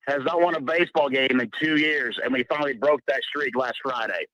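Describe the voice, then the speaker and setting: Fast-talking male caller, dull phone line. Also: mid-range voice, a crowd in the background. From Missouri. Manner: chatty, confident, laughs easily. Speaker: caller, small-town coach. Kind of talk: call-in chat.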